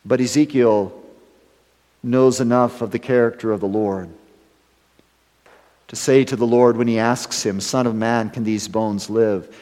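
Preaching man in a reverberant hall. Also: fairly low pitch. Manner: measured preaching, trailing off at phrase ends, rising loud for emphasis. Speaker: pastor. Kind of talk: sermon.

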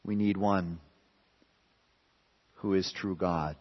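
A man's voice: low voice, fairly even intonation, takes it slowly. Preaching man in an echoing hall. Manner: emphatic preaching, swinging between raised and hushed. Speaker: pastor. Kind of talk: sermon. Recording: reverberant hall, dull lo-fi sound.

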